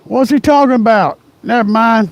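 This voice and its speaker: A man's voice: very high-pitched, normal speed, no echo, voice pushed up. A man voicing a confused random viewer who drifts off to watch something else. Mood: baffled. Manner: incredulous, dismissive. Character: baffled random male viewer passing by.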